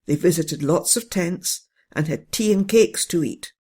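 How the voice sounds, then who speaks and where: A storyteller reading a children's bedtime story in a gentle, steady way. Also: medium pitch, measured pace, slightly rough. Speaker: narrator.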